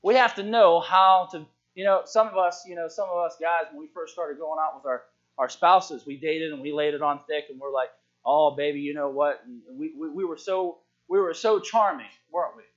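A male preacher with a fairly high voice delivers a lively sermon to a congregation, dropping to quiet asides and then rising to shouts. The recording is dull and lo-fi. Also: fairly quick. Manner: lively, call-and-response preaching, swings from hushed to shouting. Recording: dull lo-fi sound.

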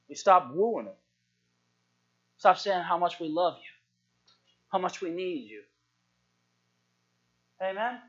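Lively high-voiced male preacher, lo-fi. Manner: lively, call-and-response preaching, swings from hushed to shouting. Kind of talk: sermon. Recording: dull lo-fi sound.

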